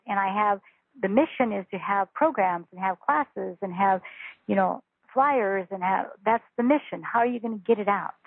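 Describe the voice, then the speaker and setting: A woman teaching spiritual ideas down a phone line, her voice gravelly and husky. She talks earnestly and emphatically, repeating phrases to drive them home. The sound is tinny and dry, like a phone call. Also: medium pitch, no echo. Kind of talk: phone interview.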